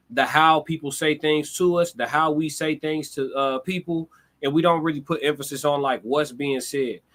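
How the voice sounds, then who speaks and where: A young man talks loosely and thoughtfully to his live chat. His voice sits a touch higher than most men's, and he drops casual curse words as he goes. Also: fairly bright tone. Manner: conversational, reflective, swears casually. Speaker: livestream host. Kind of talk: casual live-stream monologue.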